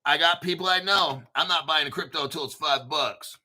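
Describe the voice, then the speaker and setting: An American man hosting a crypto channel, reading an article aloud and riffing on it in a rambling, profane, hyped-up way while clearing his throat. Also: a little high, moderate pace, bright, forceful tone. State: throat clearing, using a cough drop. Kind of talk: casual video commentary reading an article.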